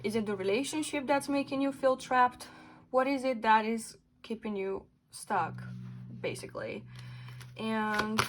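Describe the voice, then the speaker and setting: A woman's voice: fairly high pitch, measured pace, slight background noise, low-quality recording. A woman doing a pick-a-card tarot reading for her viewers, talking earnestly and bluntly, sometimes swearing for emphasis. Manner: asks spirit questions aloud while pulling cards. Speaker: tarot reader.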